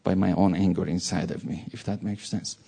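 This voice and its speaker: Male preacher, earnest sermon delivery; dark, mellow tone with a husky grain. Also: deep voice, fairly even intonation, fairly quick. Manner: earnest, repeats words for stress. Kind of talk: sermon with a personal story.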